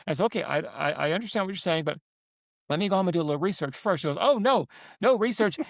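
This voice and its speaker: Older guy in his 70s, high pitched, emphatic and repetitive, dead dry audio. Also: racing, vocal fry, dry recording. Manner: animated, emphatic, repeats himself. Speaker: guest author. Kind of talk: interview storytelling.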